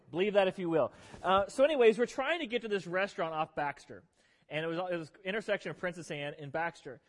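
High-voiced joking pastor in echoing hall. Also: male voice, brisk. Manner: animated, joking, self-deprecating. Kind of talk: humorous sermon storytelling. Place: church sanctuary. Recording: long reverb of a large hall.

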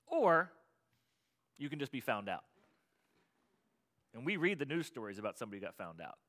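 Male pastor, bright tone, sermon delivery with big swings between fervent pleading and quiet teaching. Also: medium pitch, big pitch swings, fairly quick. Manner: swings from loud impassioned pleading to quiet explaining.

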